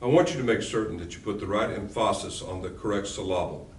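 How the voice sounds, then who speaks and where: A man's voice: fairly low pitch, quick pace, reverberant, distant mic, a little hiss or hum. A man teaching a recorded lecture as a law instructor, with an emphatic, punchy delivery.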